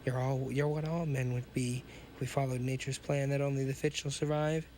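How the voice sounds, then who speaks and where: A man's voice: mid-range voice, little pitch movement, fairly quick, darkish tone, slight background noise, lightly acted. A man voicing a sinister hunchbacked male mad scientist in a read-aloud pulp story, with a grandiose, ranting manner.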